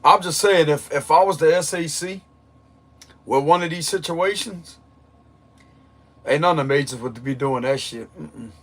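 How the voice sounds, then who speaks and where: A man's voice: a little high, normal speed, pauses often. A man giving a blunt, emphatic tarot reading monologue, repeating his points with a strained voice. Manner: forceful, emphatic, repeats himself. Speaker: tarot reader.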